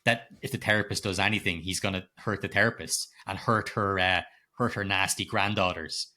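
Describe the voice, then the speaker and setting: A middle-aged man, co-hosting a podcast and retelling a film scene in animated, laugh-filled detail, swearing freely. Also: low-pitched, fairly quick. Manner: animated storytelling, heavy swearing, frequent laughter. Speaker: podcast co-host. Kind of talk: casual film-recap chat.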